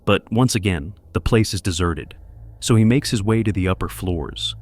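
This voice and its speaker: A man with a low voice narrates a suspense story in a measured, dramatic way. His delivery is scripted and builds tension. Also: lively intonation, darkish tone.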